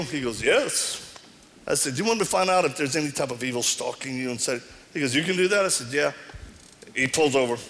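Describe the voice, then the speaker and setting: A middle-aged man preaching a sermon to a live audience, telling stories and acting out the dialogue with animation. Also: mid-range voice. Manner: animated storytelling, acts out dialogue. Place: large hall before an audience. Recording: reverberant hall.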